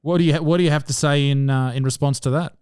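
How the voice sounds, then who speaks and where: A man's voice: on the high side, fairly even intonation, fast talker, darkish tone, clear, resonant tone. A man with an Australian accent hosting a podcast, teasing his guest with crude jokes in casual banter. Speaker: podcast host.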